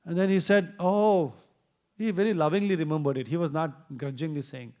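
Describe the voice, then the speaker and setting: A man tells a scripture story in a temple class. His voice sits fairly high, and it lifts when he acts out the characters' lines. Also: normal speed, a little mellow. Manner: storytelling, acts out quoted dialogue with rising voice. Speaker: temple speaker. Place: temple hall.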